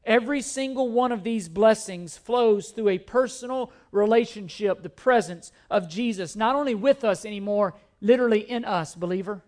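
High-voiced man preaching a sermon. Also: moderate pace, few pauses, darkish tone. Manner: repetitive, emphatic preaching with scripture quotes. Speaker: pastor.

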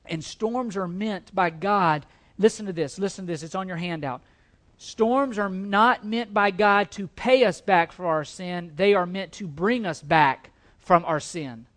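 A male pastor preaching a sermon. He repeats lines for emphasis, swings between loud stresses and quiet ones, and stumbles over words at times. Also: sits high, slow pace. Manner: emphatic and repetitive, building to loud stresses then dropping quiet.

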